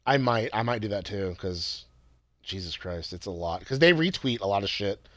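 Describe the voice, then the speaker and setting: A man's voice: on the low side, expressive, moderate pace, fairly bright tone, no echo. A man co-hosting a podcast, joking loosely and swearing a lot in casual banter. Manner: loose, swearing, jokey, rambling. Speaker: podcast co-host.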